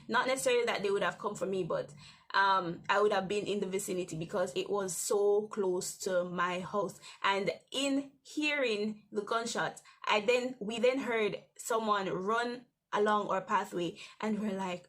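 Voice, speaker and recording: A young woman hosting a daily devotional, telling a personal testimony in a conversational, rambling way with restarts and soft laughs. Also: mid-range voice, measured pace. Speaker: devotional host.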